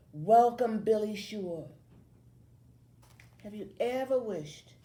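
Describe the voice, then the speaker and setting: Low, animated woman reading a story. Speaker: story reader. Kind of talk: reading a children's novel aloud.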